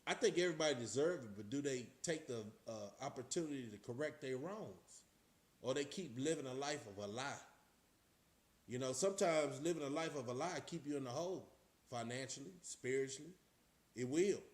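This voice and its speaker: A man's voice: medium pitch, animated, brisk. Streetwise middle-aged Texan man musing aloud. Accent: Texas. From Austin, Texas. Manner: preachy, rhetorical questions, streetwise slang. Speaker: vlogger. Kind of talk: casual talking to camera. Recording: roomy echo.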